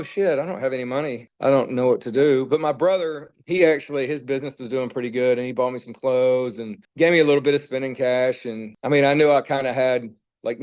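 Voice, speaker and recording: A middle-aged man, a guest on an interview podcast, candidly telling long stories in a relaxed, rambling way and acting out quoted dialogue. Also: medium pitch.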